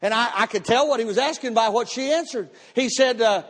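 A man preaching a testimony sermon at a live church service, telling his story with animated bursts of shouting. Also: extremely high pitch, a little fast. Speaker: pastor. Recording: long reverb of a church hall.

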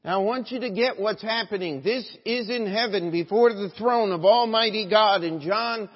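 A man preaching a sermon as pastor, reading scripture formally, then rising to loud emphasis and dropping to hushed words. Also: sits high, moderate pace. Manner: reads scripture in an old, formal register. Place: church sanctuary. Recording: dull, lo-fi sound with long church reverb.

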